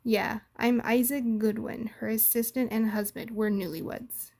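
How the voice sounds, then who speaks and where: Absent-minded young man, vague and distracted, as a woman reads him, a bit high. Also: fairly even intonation, moderate pace, creaky, darkish tone.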